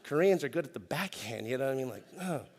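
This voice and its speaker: A middle-aged man, preaching a conversational sermon as pastor and telling stories in animated slang. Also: mid-range voice, racing, in a large hall. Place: church stage.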